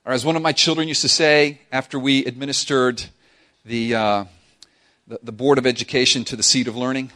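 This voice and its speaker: A middle-aged man preaching a sermon to a church congregation, humorous and animated, acting out quoted voices. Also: mid-range voice, a little fast. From South Florida. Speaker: pastor.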